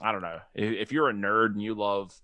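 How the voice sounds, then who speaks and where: A young man co-hosting a podcast in casual chat, loose and joking, quick to laugh. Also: fairly low pitch, steady tone, pushed and bright, no echo, highs cut off. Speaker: podcast co-host.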